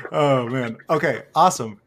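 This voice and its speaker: A man with a Wisconsin accent talking casually on a gaming podcast, animated and quick to laugh, with plenty of fillers. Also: medium pitch. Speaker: podcast host. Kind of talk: casual chat.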